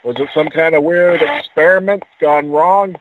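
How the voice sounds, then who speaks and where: A man from Canada, a paranormal investigator calling in as a guest, asking slow, probing questions into a ghost box. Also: a little high, fairly even intonation. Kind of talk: calling in to a live radio show. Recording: tinny phone line with noise.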